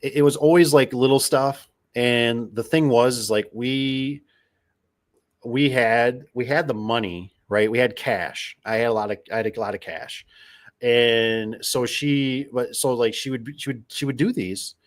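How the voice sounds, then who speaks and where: A man's voice: medium pitch, steady tone, unhurried. Middle-aged guy talking casually, rambly, keeps repeating himself, gets worked up. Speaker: podcast host. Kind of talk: casual storytelling monologue.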